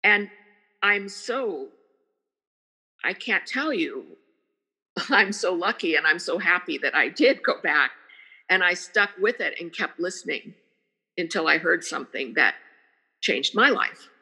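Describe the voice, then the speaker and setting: Older lady guest, earnest, repeats stuff for emphasis, sharp bright voice, reverby sound. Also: fairly low pitch, expressive, unhurried, long pauses, husky. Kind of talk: casual conversation.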